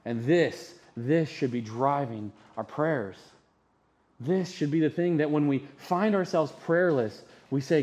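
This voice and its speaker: A man delivering a sermon to his congregation, his voice sitting a little high for a man. He preaches conversationally, often tossing rhetorical questions to the room. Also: measured pace, darkish tone, dull audio. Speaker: pastor.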